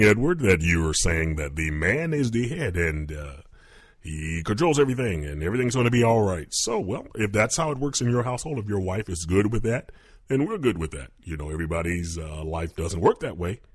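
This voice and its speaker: Deep, husky-voiced male radio host. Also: dry recording, studio quality. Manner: hesitant, calm, full of uh fillers. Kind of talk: comedy call-in show hosting.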